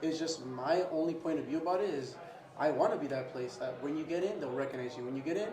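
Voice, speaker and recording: A young man talks fast in a casual interview, his voice sitting a bit high for a man. He keeps saying "bro" and acts out chats with his restaurant's guests. The room around him is echoey. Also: crowd noise. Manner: animated, says "bro" often, acts out customer exchanges. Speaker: restaurant owner.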